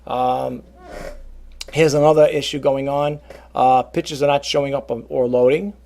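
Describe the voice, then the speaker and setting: A man talking casually to his viewers about reselling, rambling and animated, often calling them folks. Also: mid-range voice, measured pace, gravelly. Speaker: reseller vlogger. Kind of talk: casual talk to camera.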